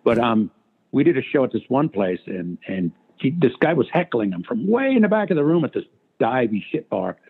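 Brief: raspy-voiced comic guest, lively swooping delivery, tinny phone-line sound. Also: male voice, mid-range voice, brisk. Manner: animated, profane anecdotes. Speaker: guest, stand-up comedian. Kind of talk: casual storytelling chat.

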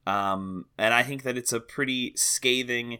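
Hesitant, bright-toned man co-hosting. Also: mid-range voice, measured pace, smooth. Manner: hesitant, many fillers and restarts, easy laughs. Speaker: podcast co-host. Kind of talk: casual film discussion.

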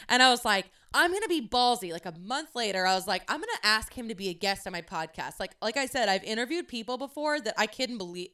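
A young woman hosting her own podcast, telling a story in a casual, chatty way with lots of swearing and animated quoting. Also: medium pitch, clean tone. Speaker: podcast host.

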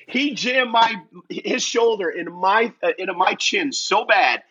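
A man, a wrestling commentator and guest, telling a personal anecdote in a lively way and laughing often. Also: high voice, a little slow, slight background noise, rough recording.

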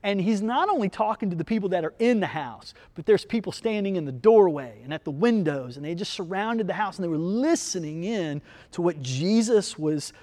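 A male pastor with a high-pitched voice delivers an online sermon, telling a story and speaking straight to his viewers. His voice carries a long reverb, as in a large hall. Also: lively intonation, normal speed, hardly any pauses. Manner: storytelling, warm direct address to viewers.

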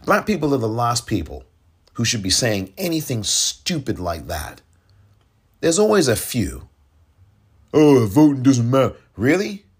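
Male political podcast host, husky, animated delivery, exasperated, mocking. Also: mid-range voice, measured pace. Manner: fiery, exasperated, mocking others in put-on voices. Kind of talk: impassioned political commentary.

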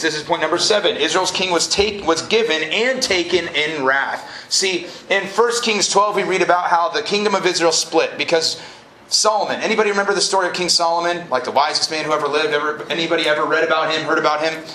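A man preaching a lively, casual sermon to a college group, joking and then rising to emphatic peaks. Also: fairly high pitch, fast talker. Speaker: pastor. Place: college event hall. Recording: live room echo, faint noise.

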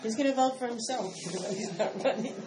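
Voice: medium pitch, brisk. Participant, short interjections, distant and echoey, noisy. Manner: chimes in with short agreeing replies. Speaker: class participant. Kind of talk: casual discussion.

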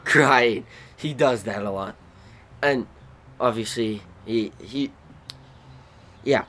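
A man hosting a podcast, telling rambling, animated stories about his family. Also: medium pitch, slow pace. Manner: rambling, animated, bursts into loud acted shrieks. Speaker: podcast host. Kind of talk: casual storytelling.

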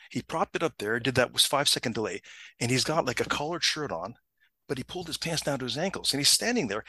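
Man, casual storytelling, animated, quick, bright husky voice, dry close sound. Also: dry recording. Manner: animated, acts out quotes with big pitch jumps, frequent restarts.

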